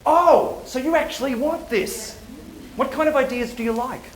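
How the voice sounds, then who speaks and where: In a university lecture hall with roomy echo and a little hiss or hum, a man with a very high voice speaks at a moderate pace. The public speaker keeps his live talk playful, joking and peppered with rhetorical questions for the audience.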